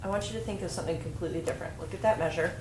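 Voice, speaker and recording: A woman's voice: lowish voice, rapid-fire. A woman instructor coaching a music ensemble through a rehearsal, giving direct, practical instructions with fillers. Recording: echoey room with noise, from a distance.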